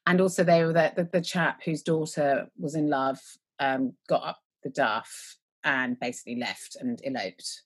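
A woman's voice: low-pitched, steady tone, normal speed, slightly rough. A woman co-hosting a podcast, recapping a TV episode in casual, rambling chat, joking and trailing off mid-word. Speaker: podcast co-host.

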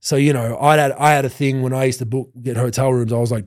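A man in his thirties, a podcast host who played pro basketball, telling lively anecdotes with many restarts and laughs. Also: medium pitch, fast talker, hardly any pauses, no room sound, studio quality. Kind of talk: casual storytelling chat.

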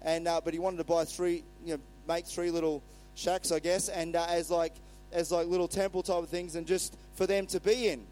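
A man's voice: a little high, flat delivery, normal speed, darkish tone, faint music behind, rough recording. A male pastor giving a sermon in a conversational way, retelling scripture and acting out the quotes.

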